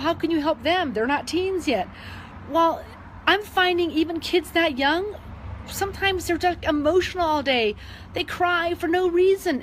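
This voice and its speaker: Casting note: middle-aged woman with a high voice, sincere and emotional, telling a story over a faint hum. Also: low-quality recording. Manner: earnest, emotional, with frequent um fillers and restarts. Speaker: wellness advocate sharing testimonies. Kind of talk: casual personal storytelling.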